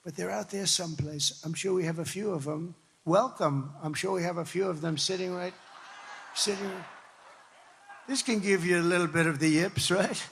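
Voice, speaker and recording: An older man from the New York area holds forth at a campaign rally, his voice high-set for a man, with a rough, gravelly edge. He rambles and repeats lines for emphasis. His words ring out with the long reverb of a big hall. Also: moderate pace, a bit bright, a little hiss or hum. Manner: repetitive, emphatic, rambling and conversational. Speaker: political speaker. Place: large hall before a crowd.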